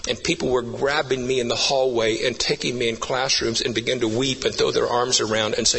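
A man's voice: medium pitch, steady tone, fairly quick, creaky, few pauses, bright, forceful tone, husky. Earnest preacher man in a reverberant hall. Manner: earnest storytelling, building to emphatic repeated phrases. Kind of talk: sermon.

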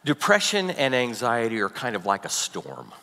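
A man preaching a sermon as a pastor, animated, swinging from loud emphasis to soft, near-whispered passages. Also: medium pitch, moderate pace, big-room sound.

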